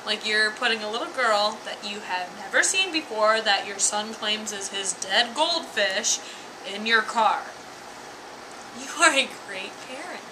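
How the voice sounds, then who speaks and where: A woman's voice: medium pitch, unhurried, background noise. A tipsy woman giving a rambling, giggly, profane comic review. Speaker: anime reviewer.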